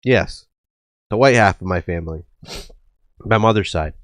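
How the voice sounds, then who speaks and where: A man's voice: lowish voice, normal speed, a bit bright, no room sound. Rambling, swearing male streamer. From United States. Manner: rambling, profane, many fillers. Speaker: livestream host. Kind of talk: casual stream chat.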